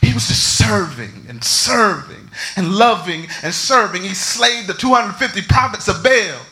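A man preaching a sermon, swinging between shouts and near whispers. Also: high voice, expressive, measured pace. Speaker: pastor.

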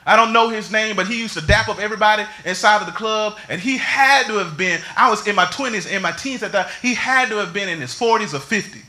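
A man preaching a sermon, swinging between shouts and near whispers. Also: high-pitched, fast talker, hardly any pauses. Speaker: pastor.

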